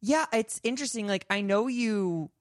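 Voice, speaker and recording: A man co-hosting a podcast in casual chat, gentle and upbeat, speaking in a reassuring way. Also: sits high, moderate pace, no echo, studio quality. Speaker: podcast co-host.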